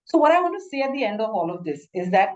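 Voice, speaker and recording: A woman's voice: a little high, sing-song, quick pace, darkish tone, dull audio. A woman doctor with an Indian English accent giving an instructive lecture, often saying "you know" and restarting her sentences. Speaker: doctor teaching a masterclass.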